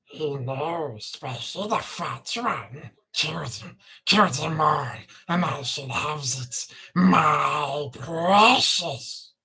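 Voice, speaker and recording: A man voicing a wretched, obsessive male cave creature in a low, quiet, drawn-out and strange voice, speaking slowly in broken phrases. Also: animated, vocal fry, breathy edge, exaggerated voice. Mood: menacing. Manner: slow, broken, pleading speech. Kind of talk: impression on a live stream.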